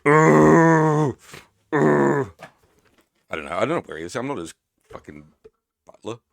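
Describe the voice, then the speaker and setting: A man's voice: deep voice, big pitch swings, fast, fairly bright tone, no room sound. A man casually chatting with his stream audience in a rambling, sweary, teasing way. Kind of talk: casual live-stream chat.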